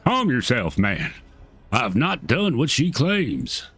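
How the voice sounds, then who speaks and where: A man voicing a large accused man in a video game, speaking low and drawn out. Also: huge pitch swings, pushed and bright, slightly rough, faint music behind, heavily acted. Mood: defensive. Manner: low, slow, drawn-out delivery. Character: large accused man, calm then sneering villain.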